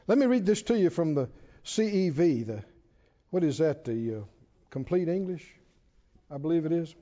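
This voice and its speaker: This expressive preacher's sermon comes in a high, swinging voice, warm and mellow. Emphatic, slowly stretched stresses mark his delivery, broken now and then by a chuckle, while the dull, lo-fi sound carries a long reverb from a big hall.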